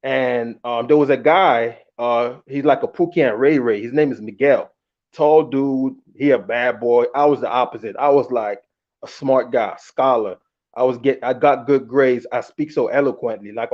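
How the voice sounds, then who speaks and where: A man telling a long personal story in a casual, candid and animated way, acting out the quotes. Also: mid-range voice, moderate pace. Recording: muffled lo-fi audio.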